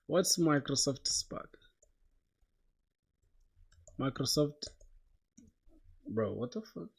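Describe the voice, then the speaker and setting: A young man codes live and chats loosely with viewers, using plenty of slang and saying "bro" often. His voice is a little high, sing-song, a bit mellow and husky, with vocal fry. He takes things slowly and pauses often.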